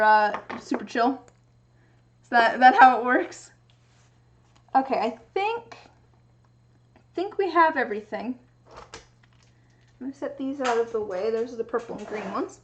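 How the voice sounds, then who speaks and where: A woman's voice: fairly high pitch, normal speed, pauses often, fairly bright tone, dull audio, a little hiss or hum. A young woman from the US Pacific Northwest chatting casually and thinking aloud during a livestream from her home craft workspace. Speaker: streamer making resin dice.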